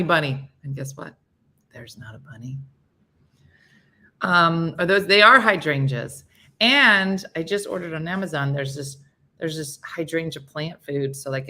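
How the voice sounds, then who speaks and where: A woman's voice: deep voice, bright, forceful tone. A middle-aged woman hosting a casual morning show, reading viewer comments in a playful, laughing manner. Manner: playful, laughing, mimics pets' voices.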